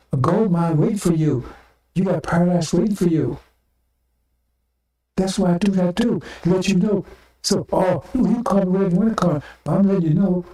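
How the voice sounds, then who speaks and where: Preacher man, blunt and salty, kinda high voice, mellow, keeps hammering the same point. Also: echoey room, far from the mic. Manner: blunt, profane and repetitive, addressing the congregation. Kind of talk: sermon.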